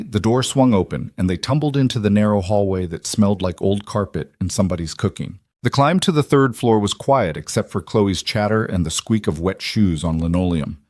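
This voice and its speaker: A man calmly reading a scripted drama story aloud as narrator. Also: fairly low pitch, no echo, clean studio sound.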